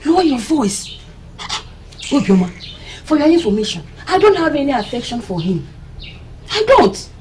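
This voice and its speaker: An actress with a Nigerian accent playing a young woman who denies her feelings in a drama, speaking in a defensive, hushed way. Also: sits high, big pitch swings, normal speed, pauses often, far from the mic, slight background noise. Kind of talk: Nollywood drama acting.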